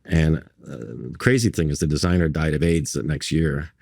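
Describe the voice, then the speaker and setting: A man from New York and Barbados tells his stories in a very low voice. He jumps into other people's voices as he goes, stumbling and restarting along the way. The sound is dry and close, with no room around it. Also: normal speed, gravelly, darkish tone, no room sound. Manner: frequent restarts and fillers. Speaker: guest artist. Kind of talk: conversational storytelling.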